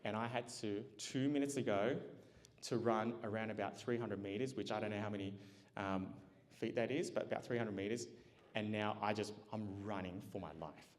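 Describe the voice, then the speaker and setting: A man giving a motivational keynote, telling a personal story with lively acted-out dialogue and frequent laughs. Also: fairly low pitch, normal speed. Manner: animated, acts out dialogue, laughs often. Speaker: keynote speaker. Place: large event hall. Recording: long hall reverb.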